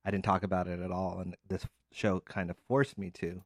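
A man in his forties co-hosting a casual podcast, quiet and hesitant, laid-back in his speech. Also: low-pitched, flat delivery, moderate pace, dry recording, studio quality. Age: 40s. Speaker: podcast co-host.

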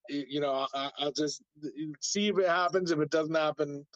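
A man in a casual sit-down chat, telling stories in a loose, rambling way full of fillers. His voice sits slightly high. The recording is dry and a touch dull. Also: normal speed, no echo. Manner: rambling storytelling with many filler likes. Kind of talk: casual conversation.

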